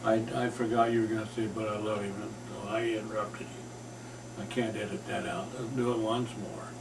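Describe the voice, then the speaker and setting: Older man directing family video, gravelly, heard from across an echoey room. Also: lowish voice, flat delivery, normal speed. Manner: coaching, repeating takes, gravelly. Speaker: family home-movie director. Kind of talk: directing and rehearsing lines. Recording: echoey room, distant mic, faint noise.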